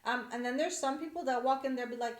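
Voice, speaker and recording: A woman's voice: sits high, quick pace. A woman from South Texas, chatting casually as a podcast co-host and acting out the people in her stories. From South Texas, USA. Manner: animated storyteller, acts out quoted voices. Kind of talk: casual chat. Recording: roomy echo.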